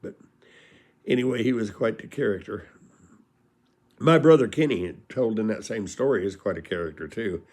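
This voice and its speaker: A man's voice: on the low side, normal speed, long pauses, darkish tone. A man casually telling personal stories in a folksy, rambling way, often laughing at his own punchlines. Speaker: storyteller.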